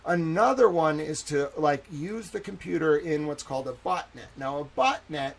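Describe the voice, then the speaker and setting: A young man hosting his own livestream, his voice sitting a little high for a man. He rambles freely, leans on "like" constantly, and moves between heated outbursts and low, offhand remarks. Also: moderate pace, creaky, low-quality recording. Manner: rambling, heavy use of "like", swings from loud indignation to quiet asides. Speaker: livestream host. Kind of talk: casual livestream commentary.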